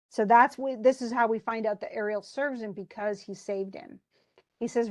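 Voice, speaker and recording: A woman's voice: a little high, moderate pace, a little mellow, no echo. A woman teacher talking a class through a play in casual, chatty explanations.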